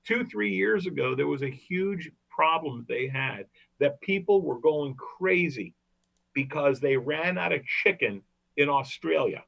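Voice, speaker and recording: A man's voice: fairly high pitch, animated, unhurried, creaky, fairly bright tone. A man hosting a comedy podcast, telling rambling jokey stories. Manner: joking, rambling storyteller. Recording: dull lo-fi recording.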